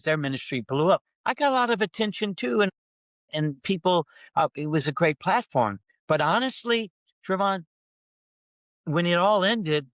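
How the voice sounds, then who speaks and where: A middle-aged man, a pastor, telling a personal story on a podcast and acting out his own prayers, his voice climbing as he gets excited. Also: no room sound. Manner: animated storyteller who acts out his own prayers, pitch rising when excited.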